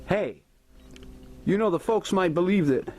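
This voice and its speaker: A man hosting a casual home video, chatting to viewers as folks and talking softly to his cat, filmed on a camera held by his wife. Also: high-pitched, animated, a little slow, slight background noise. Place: at home, partly in sunlight.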